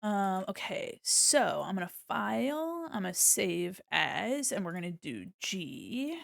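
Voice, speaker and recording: A young woman chats away with her viewers while she draws on a live stream, bouncing from topic to topic with playful asides. Her voice leaps around a lot in pitch. The sound is dry and close from a desk mic at home. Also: sing-song, slow, creaky, no room sound. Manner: chatty, playful, drifts into hums and silly sounds. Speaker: art streamer. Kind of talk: casual live-stream chat while drawing. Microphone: desk mic on a mic arm.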